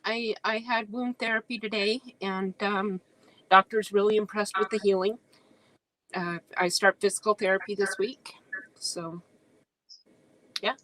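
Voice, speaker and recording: A woman guest on a livestream talking softly and earnestly, teary after crying. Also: medium pitch, fairly even intonation, unhurried, pauses often, dry recording, poor audio. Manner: soft, earnest, emotional. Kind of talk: casual conversation.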